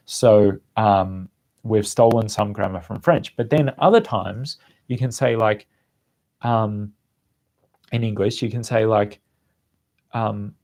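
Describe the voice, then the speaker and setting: A young Australian man hosts a casual live-stream chat for his language-learning channel, answering questions in a rambling way full of fillers and restarts. His voice is mellow and fairly low, unhurried, with frequent pauses.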